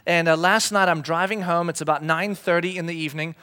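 A man in his thirties preaches in a loose, chatty way, full of fillers and jokes at his own expense. His voice sits a touch higher than most men's. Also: steady tone, brisk, pushed and bright. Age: 30s. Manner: chatty, self-deprecating storytelling with fillers. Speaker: pastor. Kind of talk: sermon storytelling.

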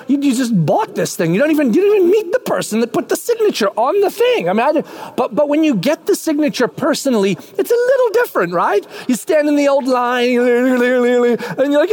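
A man preaching a sermon in an animated way, acting out little scenes with voices. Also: very high voice. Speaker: pastor.

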